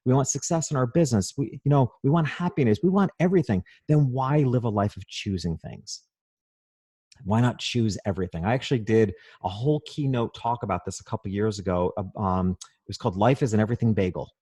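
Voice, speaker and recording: Husky-voiced man telling stories eagerly. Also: lowish voice, a little fast, no echo. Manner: animated, enthusiastic storyteller. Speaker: podcast guest, author. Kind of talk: casual interview storytelling.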